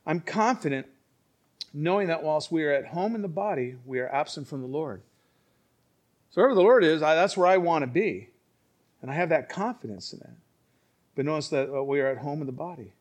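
Male pastor, sermon, emphatic, a bit high voice, quiet to loud. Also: lively intonation, a little fast, pauses often.

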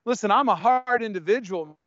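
A man's voice: high voice, animated, fairly quick, fairly bright tone, no echo. An older man preaching a sermon, speaking bluntly and conversationally between scripture readings. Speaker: pastor. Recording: dull lo-fi dry sound.

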